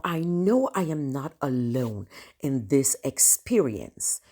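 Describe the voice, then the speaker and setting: A woman from Cameroon with a Cameroonian accent, telling a personal story to her viewers in an emotional, animated way. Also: a bass voice, takes it slowly. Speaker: storyteller vlogger.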